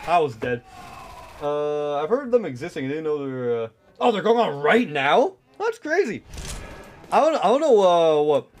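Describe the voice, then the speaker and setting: Excitable high-voiced young man gaming. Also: moderate pace. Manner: excitable, swearing, rambling with many fillers. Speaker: streamer. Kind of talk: live gameplay commentary.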